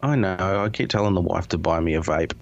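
A man's voice: deep voice, fairly quick, gravelly, highs cut off. A man in casual chat, a rambling, profane storyteller who laughs often. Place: home.

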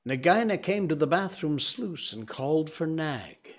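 A man voicing a small, silly male tailorbird who talks in an excited, sing-song, praising way. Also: fairly high pitch, unhurried, pitched above the performer's own voice.

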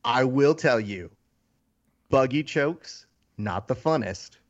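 A man's voice: medium pitch, animated, takes it slowly. A man co-hosting a casual podcast chat, telling stories in a wry, emphatic way. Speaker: podcast co-host. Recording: dull lo-fi sound.

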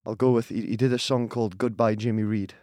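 Male podcast guest, lower voice, rapid rambling chat with fillers, dry close mic. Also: steady tone, a little mellow, no room sound. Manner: rambling, self-deprecating, many fillers and restarts. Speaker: podcast guest, singer-songwriter. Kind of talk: casual chat.

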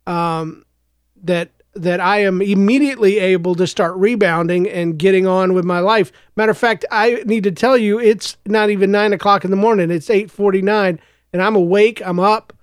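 Podcast host, male, higher voice, hoarse from a cough, reflective rambling monologue in a dry booth. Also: fairly even intonation, normal speed, dry recording. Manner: rambling and reflective, with frequent restarts. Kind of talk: casual solo podcast monologue.

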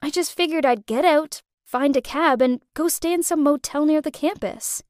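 A woman's voice: high-pitched, normal speed, a little mellow, no echo, studio quality. A woman narrating a dramatic first-person story with an emotional delivery.

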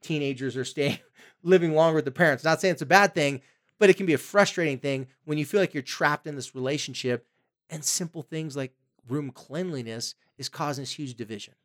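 A man's voice: a little high, a little fast, a bit bright. A man co-hosting a podcast, giving casual advice in an emphatic way and acting out the parents and teens he quotes. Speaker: podcast co-host.

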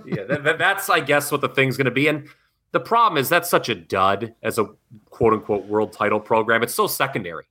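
A man co-hosting a podcast who reviews wrestling in casual chat, blunt and animated, with frequent swearing. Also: mid-range voice, a little fast. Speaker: podcast co-host.

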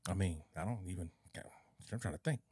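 Podcast co-host, man, low pitch, profane and animated storyteller, dry studio sound. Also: a little fast, slightly rough, no room sound. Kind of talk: casual movie review chat.

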